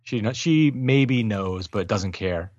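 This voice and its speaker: A man's voice: on the low side, expressive, slow, a little mellow, no echo, dull audio. A man co-hosting a casual wrestling podcast, giving blunt, dismissive opinions. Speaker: wrestling show co-host.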